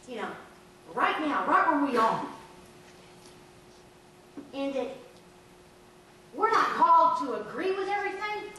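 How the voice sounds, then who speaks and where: A woman pastor preaching a sermon, telling folksy stories and breaking into animated shouts. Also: high voice, a little hiss or hum. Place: church sanctuary. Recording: echoey church from far off.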